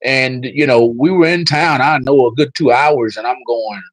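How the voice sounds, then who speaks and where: A man's voice: mid-range voice, normal speed, dry recording, poor audio. A man hosting a casual livestream, talking straight to his viewers and telling a story. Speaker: livestream host.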